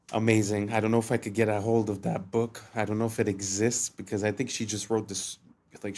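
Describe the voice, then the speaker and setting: A man hosting a reaction video, musing aloud with a hesitant, restart-filled manner and talking straight to his viewers. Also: lowish voice. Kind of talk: casual reaction commentary.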